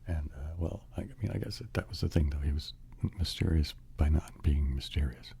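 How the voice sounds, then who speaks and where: A man's voice: very deep voice, brisk, creaky, dark tone, slight background noise. A man telling a whispered ASMR bedtime story, rambling along with many fillers and restarts.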